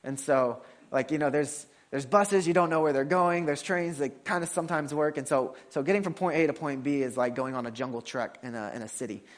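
A man's voice: a little high, brisk. A man preaching a conversational sermon in a casual way, with frequent restarts and fillers while telling a personal story.

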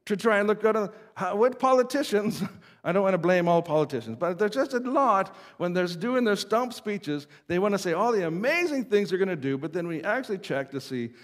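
A pastor delivering a sermon in a relaxed, conversational way, chuckling now and then and slipping into quoted voices. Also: male voice, sits high, a little fast. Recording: long hall reverb.

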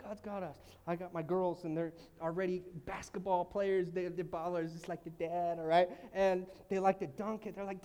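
High-voiced, excitable male preacher. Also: normal speed, few pauses. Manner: lively, casual preaching with sudden shouted exclamations. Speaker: pastor. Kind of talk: energetic sermon.

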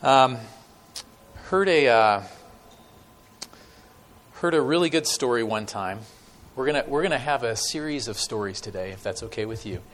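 A man's voice: medium pitch, expressive, a bit bright. A conversational male preacher. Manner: conversational, many fillers, dramatic pauses. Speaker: guest preacher. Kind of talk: sermon with stories. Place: church.

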